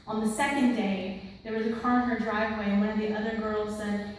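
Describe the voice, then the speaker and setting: A young woman of twenty shares a heartfelt church testimony, her voice fairly high and on the edge of tears. She rambles earnestly, full of ums and restarts. She sounds far from the mic, in a very echoey hall with a long reverb tail. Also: fairly even intonation, a little fast, few pauses, darkish tone, slight background noise. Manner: earnest, rambling with many fillers. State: close to tears. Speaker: church member giving testimony. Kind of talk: mission trip testimony. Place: large church sanctuary.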